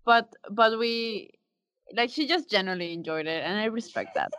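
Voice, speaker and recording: Bright-voiced woman, dry close sound. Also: medium pitch, moderate pace, clean tone, dry recording. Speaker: podcast co-host. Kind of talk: casual chat.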